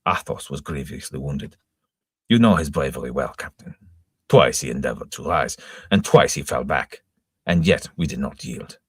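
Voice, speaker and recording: A bold, blustering musketeer makes his earnest case, as a man reads him. It stays close to the reader's own very deep, husky voice. The sound is close and dry. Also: animated, normal speed, no echo, recorded from a distance, full character voice.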